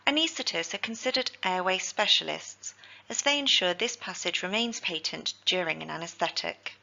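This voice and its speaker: A woman, teaching healthcare vocabulary in a scripted lesson, with slow, careful pronunciation drills. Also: lowish voice, animated, vocal fry, bright, forceful tone, lo-fi sound.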